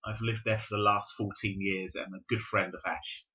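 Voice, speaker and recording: A man in his fifties from South London, speaking with a London accent as a bishop being interviewed on a podcast, explaining in a measured, reflective way. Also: lowish voice, little pitch movement, bright, forceful tone. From South London, England. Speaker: Pentecostal bishop, guest. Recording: dull lo-fi recording.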